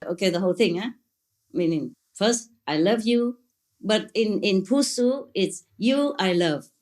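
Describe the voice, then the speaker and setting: A woman's voice: mid-range voice, animated, measured pace, a little mellow. A woman spiritual teacher answering questions at a gathering, playful and gushing, laughing often and speaking imperfect English.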